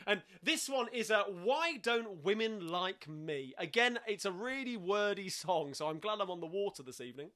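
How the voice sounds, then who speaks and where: Bright high-voiced Cockney man chatting. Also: animated, moderate pace, hardly any pauses. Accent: London Cockney. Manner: chatty, rambling with many fillers and restarts. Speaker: host of a live-streamed sing-along. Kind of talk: casual live-stream chat between songs.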